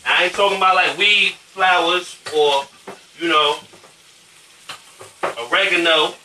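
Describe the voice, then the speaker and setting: Man, cooking show host, very bright voice, slangy casual chatter, kitchen with food frying behind. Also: high-pitched, steady tone, unhurried, reverberant, a little hiss or hum, rough recording. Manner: chatty, slangy, keeps asking "you know what I'm saying". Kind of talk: casual cooking demo chat.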